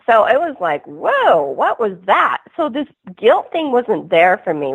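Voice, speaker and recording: A woman's voice: medium pitch, no echo. A woman guest on a call-in radio interview, telling her story earnestly in a rambling way, full of restarts. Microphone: phone. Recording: tinny phone line.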